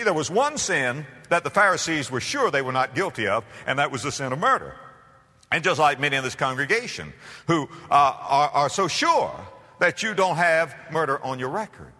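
A man's voice: medium pitch, bright, forceful tone. A man preaching a sermon as pastor, emphatic and dramatic, with repeated phrases. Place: church. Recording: reverberant hall.

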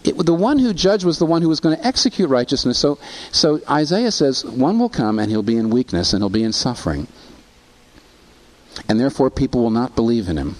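A male pastor delivering a sermon, his voice swinging widely in pitch as he builds intensity. He asks rhetorical questions and quotes scripture aloud. His tone stays fervent and expressive. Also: brisk, rough recording.

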